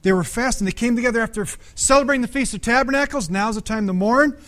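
High-pitched male pastor, conversational sermon delivery, engages congregation with questions. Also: fast talker, a bit bright.

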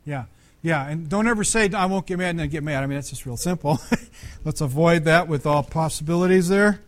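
High-pitched male pastor, conversational sermon delivery, engages congregation with questions. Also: fairly quick.

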